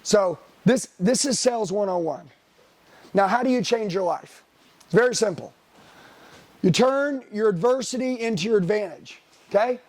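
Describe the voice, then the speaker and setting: With a high, slightly mellow voice, a middle-aged man moves at a moderate pace and pauses often while leading a sales seminar. He's profane and blunt, driving his point home by firing rhetorical questions at the crowd.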